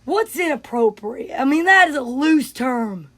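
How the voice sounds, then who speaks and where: A woman's voice: high voice, lively intonation, measured pace. A woman doing a comedy impression of a cocky, crude male big-cat zoo owner, talking back defiantly.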